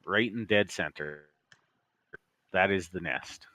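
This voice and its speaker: A man's voice: sits low, slow, bright, forceful tone, dry recording. A man running a tabletop game as game master, narrating scenes in a casual, loose way with the odd swear word.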